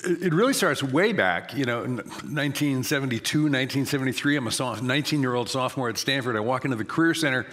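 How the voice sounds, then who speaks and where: An older man in his seventies talks fast, at an ordinary pitch for a man. He tells stories with energy and plays out the back-and-forth of conversations himself. His delivery is lively and quick. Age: 70s. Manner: rapid, animated storyteller acting out dialogue. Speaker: author and guest speaker. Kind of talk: storytelling interview answers.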